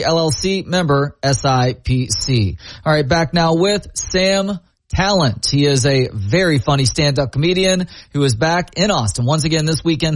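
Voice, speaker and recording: A man hosting a podcast, reading a sponsor ad smoothly and then asking his guest questions. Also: on the high side. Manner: smooth, scripted ad delivery then conversational questions. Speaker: podcast host. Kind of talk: interview with ad read.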